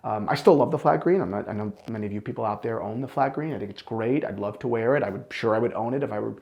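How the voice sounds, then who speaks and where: Animated gravelly-voiced man reviewing watches. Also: on the low side, fast talker, lo-fi sound. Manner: animated, blunt and enthusiastic. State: out of breath. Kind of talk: opinionated collection review.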